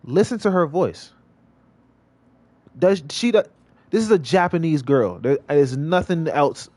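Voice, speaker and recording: A man's voice: a little high, animated, a little slow, darkish tone, dry recording. A male streamer giving casual gameplay commentary, rambling and repeating himself with many restarts. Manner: rambling, repetitive, lots of restarts.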